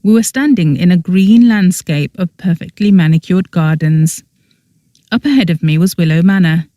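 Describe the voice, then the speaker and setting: Mellow, dry-voiced audiobook narrator. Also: mid-range voice, normal speed, dry recording. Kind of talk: scripted first-person narration.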